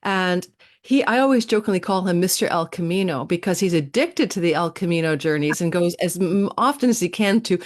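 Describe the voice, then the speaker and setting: A woman guest tells a story on a live online chat. She speaks in a lively, animated way, with uh and um fillers and some laughing. Her voice sits on the low side. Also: fairly quick. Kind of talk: casual storytelling on a live stream.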